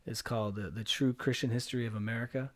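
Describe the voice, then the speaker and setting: Man, podcast co-host, mid-pitched voice, reflective, earnest. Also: steady tone, fast talker. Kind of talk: casual podcast chat.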